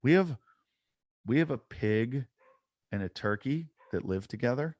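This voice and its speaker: A man co-hosting a podcast, chatting casually and telling animated stories, acting out what people said. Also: mid-range voice, unhurried, no room sound. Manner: animated storyteller, acts out quotes. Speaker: podcast co-host. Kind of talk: casual chat.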